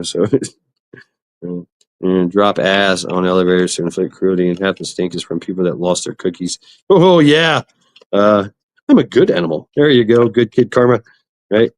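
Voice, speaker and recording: A man's voice: low voice, lively intonation, unhurried, pauses often, dry recording. A man hosting a casual livestream, rambling and swearing as he greets chat viewers. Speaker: livestream host. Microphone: computer mic for online stream.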